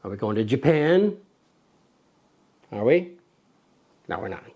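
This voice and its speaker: Slow and a little mellow, this camera review host's mid-range voice swings widely in pitch. He runs a casual lens review show in a playful, jokey way, talking to the toddler who serves as his sidekick.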